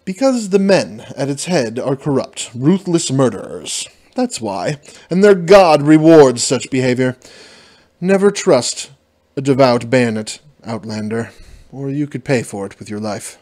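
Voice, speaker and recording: A man voicing a welcoming female temple priestess who speaks warmly and warns earnestly. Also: medium pitch, expressive, measured pace, close to an everyday voice. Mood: warning. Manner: warm, earnest warnings.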